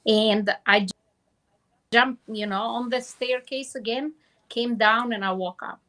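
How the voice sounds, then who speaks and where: A woman telling a long dream story over a phone call, halting and restarting often. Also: fairly high pitch, fairly even intonation, fairly bright tone. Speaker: guest.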